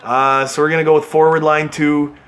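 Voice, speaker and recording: A man giving excitable play-by-play commentary on a hockey video game he is playing, cheering and groaning at his team. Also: on the high side, a little fast, faint music behind. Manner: excitable play-by-play, yelling at the players. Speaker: gaming channel host.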